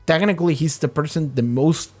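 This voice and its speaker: A man hosting a casual reaction and review video, talking in a rambling, profane, excitable way. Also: on the high side, a little fast, soft background music.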